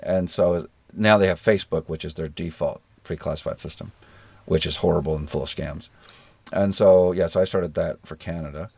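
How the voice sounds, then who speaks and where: A middle-aged American man with a very deep, husky voice, talking as a guest in a relaxed interview. He tells stories in an easygoing, self-deprecating, folksy way. The sound is dry and close. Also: normal speed, no echo. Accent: generic American. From rural Georgia, American South. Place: living in New Zealand.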